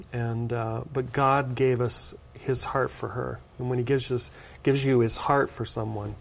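A man speaks as a pastor and talk show guest, with a gravelly, mid-pitched voice. He tells his story earnestly and restarts his phrases often. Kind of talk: interview testimony.

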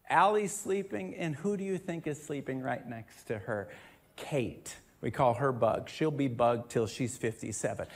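A male pastor giving a sermon, moving from a family story into loud, emphatic preaching with scripture reading. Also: mid-range voice.

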